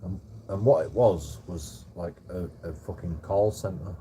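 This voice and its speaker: A man's voice: low voice, a little slow, dark tone, slight background noise. A young man telling a rambling story on a livestream, swearing often, stammering and restarting his sentences.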